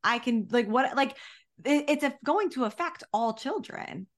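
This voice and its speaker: A woman's voice: sits high, measured pace. A young adult woman co-hosting a podcast as a dietitian, talking in casual chat with lots of fillers and some swearing. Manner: animated, filler-heavy, swears.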